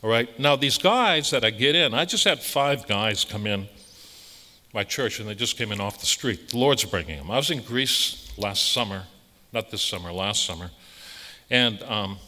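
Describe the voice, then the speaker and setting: A man's voice: medium pitch, animated, moderate pace, sharp tone, long reverb tail. A man, a priest, giving a conversational sermon in an emphatic, blunt way, repeating phrases for stress.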